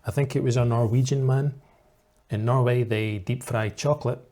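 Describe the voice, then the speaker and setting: A man's voice: mid-range voice, steady tone, moderate pace, mellow. A man in the role of an English teacher, giving reaction commentary for learners in a patient, explanatory way.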